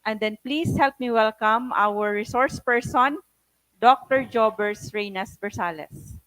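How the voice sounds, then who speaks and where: A woman's voice: on the high side, a little slow, fairly bright tone, no echo, low-quality recording. A woman with a Cebuano accent hosting an event and hesitantly introducing the next speaker. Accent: Filipino, Cebuano. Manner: hesitant, with fillers. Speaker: event host.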